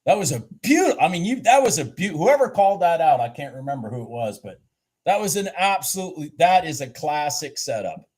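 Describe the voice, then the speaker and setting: A man giving casual live trading commentary, excitable and thinking aloud with frequent restarts. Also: a little high, brisk, husky. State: a bit out of breath. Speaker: livestream day trader.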